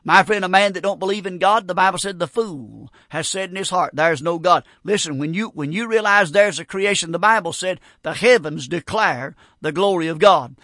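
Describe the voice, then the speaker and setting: A man's voice: high-pitched, normal speed, few pauses, sharp tone, no room sound, studio quality. An older man preaching a sermon, emphatic and repetitive, often stumbling over restarts.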